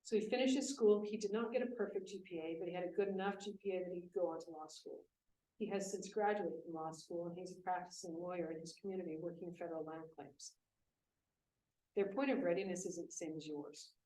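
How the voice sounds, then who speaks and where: A woman speaking at a business event, telling a lively classroom story in a conversational way. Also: on the low side, quick pace. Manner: animated, conversational, voices quoted students. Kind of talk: storytelling talk. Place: event room. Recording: echoey room from a distant mic with faint hiss.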